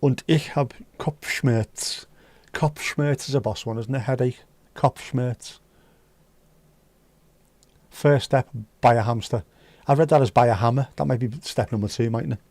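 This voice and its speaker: Mellow man rambling on a livestream. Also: mid-range voice, normal speed, pauses often, dry recording. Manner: rambling, dry joking asides. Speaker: livestream host. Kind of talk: casual chat reading viewer comments.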